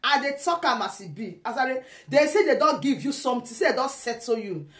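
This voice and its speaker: A woman's voice: high voice, very animated, fairly quick. Teasing laughing Nigerian woman, echoey room. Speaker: commentator. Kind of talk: casual pidgin commentary.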